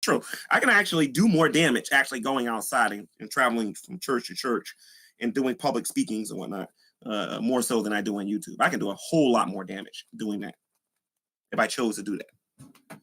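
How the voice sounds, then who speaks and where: A man's voice: mid-range voice, brisk, bright, forceful tone, breathy edge. Rambling earnest evangelist man. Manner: rambling, earnest, many fillers. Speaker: Christian YouTuber, street evangelist. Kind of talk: casual preaching talk.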